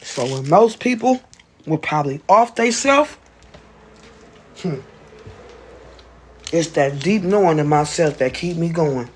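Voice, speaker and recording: A livestreamer chatting casually to viewers, rambling and profane, with quick self-interrupting explanations. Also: mid-range voice, lively intonation, a little hiss or hum.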